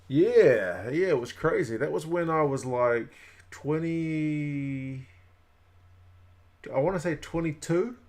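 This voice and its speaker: A man's voice: a little high, slow pace, darkish tone. A man, hosting a casual rugby watch-along stream and chatting with viewers. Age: 30s. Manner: chatty, reacting to live chat comments. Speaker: livestream host.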